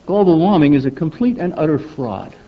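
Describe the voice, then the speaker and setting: A man's voice: fairly high pitch, expressive, a little fast. An older man giving a public lecture in an emphatic, rhetorical manner, often asking the audience for agreement. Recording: dull lo-fi recording.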